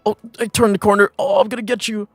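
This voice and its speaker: Brief: a man playing a menacing female monster, high-pitched, sing-song taunts. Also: huge pitch swings, fast, a bit bright, no room sound, soft background music, full character voice. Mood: taunting. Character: menacing female slime monster giving chase.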